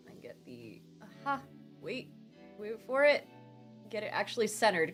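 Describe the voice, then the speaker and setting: A woman's voice: on the low side, fairly bright tone. A woman hosting a charity live stream, chatting casually and reading out her chat in a bubbly, gushing way as she thanks donors.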